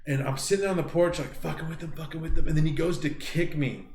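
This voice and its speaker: Podcast co-host: thirties man, slightly high voice, loose and foul-mouthed storyteller, recorded in an echoey room over faint hiss. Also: steady tone, quick pace, creaky, darkish tone. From Southern California. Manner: profane, rambling, laughs through his stories. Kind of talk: casual storytelling chat.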